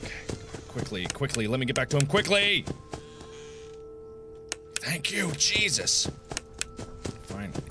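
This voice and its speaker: A man giving let's-play commentary in loud, profane outbursts and frustrated shouting. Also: on the high side, sing-song, a little slow, long pauses. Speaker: gamer. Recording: clear game music under the voice. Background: game music.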